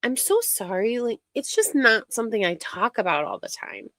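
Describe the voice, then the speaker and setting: A woman's voice: on the high side, very animated, normal speed, a bit bright, dry recording, studio quality. A woman giving casual reaction commentary, exasperated and mocking as she rants about online drama. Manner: exasperated, mocking, talks over clips.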